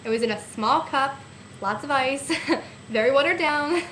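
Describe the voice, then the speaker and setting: A woman's voice: sits high, unhurried, a little hiss or hum. Chatty young woman vlogging by webcam. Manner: chatty, animated, laughing often. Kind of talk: casual storytelling to a webcam. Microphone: webcam mic. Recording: echoey room webcam recording.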